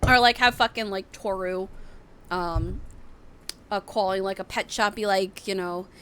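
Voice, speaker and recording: A woman's voice: medium pitch, fairly even intonation, measured pace, fairly bright tone, smooth. A young woman streamer chatting casually on a live stream, rambling with lots of fillers. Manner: rambling, full of fillers and restarts. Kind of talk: casual livestream chat.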